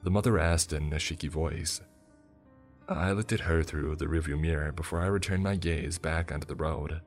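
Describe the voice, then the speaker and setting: A man narrating a first-person horror story in a steady storytelling voice. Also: rumbling low, normal speed, soft background music.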